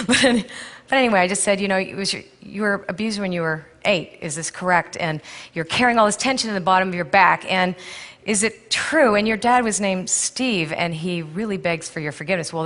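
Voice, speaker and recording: A middle-aged woman, an intuitive counselor and speaker, gives a candid, story-driven conference talk from the stage of a large hall, laughing often with the live audience. Her voice is medium-pitched and fairly bright, and the recording has a long hall reverb.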